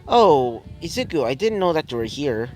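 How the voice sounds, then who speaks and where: A man's voice: on the high side, very animated, normal speed, faint music behind. Man voicing a casual, friendly young woman; everyday delivery. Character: friendly young woman, inventor's daughter, chatty.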